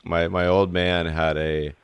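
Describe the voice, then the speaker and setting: A male podcast host reacting with relaxed enthusiasm and closing the show. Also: sits low, unhurried, smooth, no room sound. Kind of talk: casual interview.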